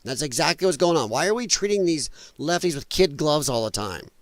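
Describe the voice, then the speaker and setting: A man hosts an opinionated commentary show in a blunt, sarcastic, mocking way, rambling between points. His pitch sits a bit high and swings widely. The sound is dry and close. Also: animated, fairly quick, no echo. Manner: rambling, trails off while scrolling. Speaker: podcast host.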